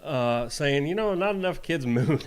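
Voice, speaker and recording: A man's voice: a little high, animated, moderate pace, slight background noise. A man co-hosting a morning show, chatting casually with wry quips and frequent laughs. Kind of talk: casual chat.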